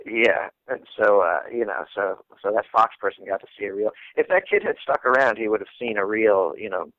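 A man, a guest comedian, telling a story in casual, animated talk, swearing freely and acting out the people in it. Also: lowish voice, fairly quick, no echo, narrow, tinny audio.

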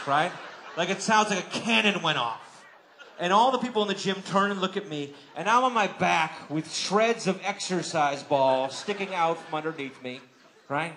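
A man doing a stand-up routine, telling a story in a profane way with quick acted-out dialogue. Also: on the high side, fairly bright tone. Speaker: stand-up comedian.

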